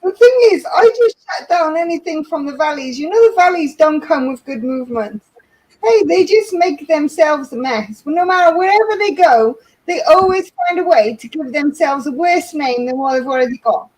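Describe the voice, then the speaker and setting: A woman's voice: high voice, expressive, moderate pace, darkish tone, low-quality recording. A woman with a Welsh accent chatting bluntly and sarcastically as co-host of a live stream. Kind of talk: casual chat.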